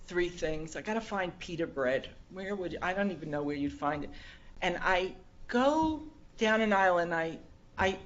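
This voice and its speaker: An older woman telling a personal story in a talk, lively and acting out the dialogue. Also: lowish voice, muffled recording. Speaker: speaker.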